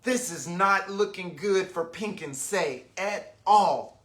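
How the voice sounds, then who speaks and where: A man's voice: high voice, animated, slow pace, sharp tone. A man reading a picture book aloud to children, stopping to explain words and to ask his young listeners questions. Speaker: children's storyteller.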